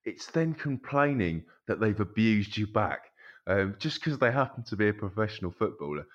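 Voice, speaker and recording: A man co-hosting a casual football podcast, talking in a halting way with many ums. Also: fairly low pitch, animated, a little hiss or hum. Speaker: podcast co-host. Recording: dull lo-fi sound.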